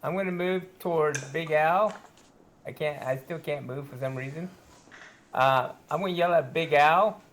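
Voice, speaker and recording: A man's voice: on the high side, moderate pace, fairly bright tone, a little hiss or hum. A man playing in a tabletop game, firmly and plainly declaring his moves. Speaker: player. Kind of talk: casual tabletop game chat.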